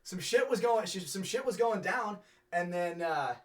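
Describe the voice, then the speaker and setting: A young man co-hosting a casual podcast, telling stories in an animated, profane way. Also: high-pitched, normal speed. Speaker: podcast co-host.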